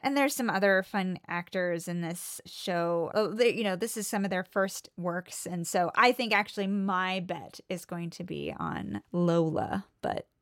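A woman's voice: lowish voice, animated, measured pace, hardly any pauses, dry recording, studio quality. An American woman co-hosting a podcast in casual chat, reeling off details with easy laughs. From United States. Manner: chatty, laughing, piles up details. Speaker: podcast co-host.

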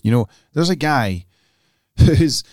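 A man co-hosting a golf podcast, talking casually and excitedly, restarting and repeating words as he goes. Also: on the high side, slow pace, dry recording. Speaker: podcast co-host.

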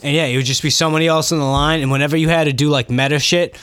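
A man's voice: fairly high pitch, fairly even intonation, very fast, noisy background. A young man telling stories in casual podcast chat, slangy, saying "dude" often and laughing along.

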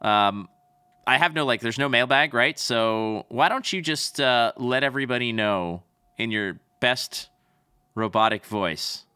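A man's voice: mid-range voice, animated, unhurried, pushed and bright, clean tone, dry recording. A man co-hosting a casual podcast, joking and chatty as he wraps up the episode. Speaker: podcast co-host.

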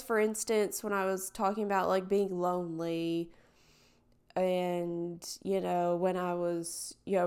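Solo podcast host, woman; slow, meandering, candid delivery with a smooth, clean voice. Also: on the low side, darkish tone. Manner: hesitant, rambling, filler-heavy; reflective and candid. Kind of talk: casual solo podcast talk.

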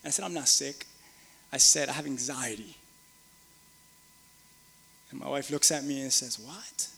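Earnest pastor in a reverberant hall. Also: male voice, mid-range voice, steady tone, normal speed, gravelly, bright, forceful tone, husky. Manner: earnest, building to emphatic peaks, repetitive phrasing. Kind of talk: sermon.

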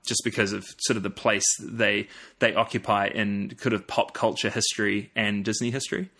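Chatty New Zealand man, low voice. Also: flat delivery, moderate pace, bright, forceful tone, breathy edge. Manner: hesitant, many fillers and restarts, laughs easily. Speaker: podcast guest. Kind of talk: casual chat.

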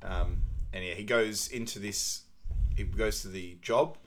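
Low-voiced man in casual podcast chat. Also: steady tone, measured pace, slight background noise. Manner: easygoing, laughs often, frequent "basically" and "um". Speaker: podcast co-host. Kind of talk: casual film recap chat.

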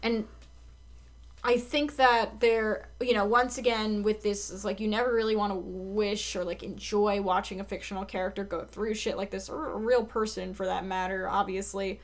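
A woman's voice: mid-range voice, steady tone, normal speed. A young adult woman recapping scenes in casual chat, full of fillers and frequent swearing. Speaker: podcast co-host.

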